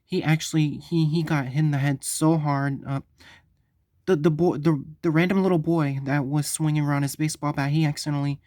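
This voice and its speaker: A man telling a story on his vlog, halting and stumbling, often repeating himself. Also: fairly high pitch, fairly even intonation, darkish tone, no room sound, studio quality. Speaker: vlogger.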